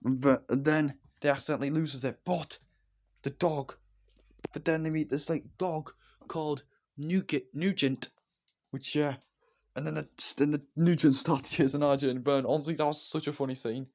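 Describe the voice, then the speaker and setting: A man's voice: a little high, fairly even intonation, normal speed, a little mellow. Rambling young man with a dull, lo-fi recording. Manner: rambling, repetitive, enthusiastic, many fillers and restarts. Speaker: movie reviewer. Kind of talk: casual spoken movie review.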